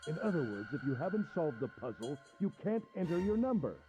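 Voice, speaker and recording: An actor playing a sadistic, gentlemanly middle-aged male captor in a video game, speaking in a mocking, theatrical way with giggling menace. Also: fairly high pitch, very animated, fairly quick, over loud music. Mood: condescending.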